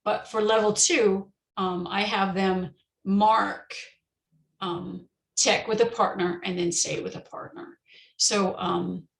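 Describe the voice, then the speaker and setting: A woman teacher walks through classroom activities in an online conference session. Her voice has a gravelly fry, and she explains in a relaxed way, pausing on ums and restarting phrases. The sound carries an echoey room. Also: mid-range voice. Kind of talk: conference talk on teaching pronunciation.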